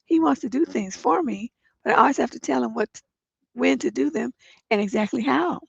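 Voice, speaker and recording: Blunt congested woman advice host, gravelly. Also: high voice, fairly quick, dry recording. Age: middle-aged. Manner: blunt, profane, gets emphatic when giving advice. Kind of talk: livestream advice chat, reading viewer letters. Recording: dull lo-fi stream audio.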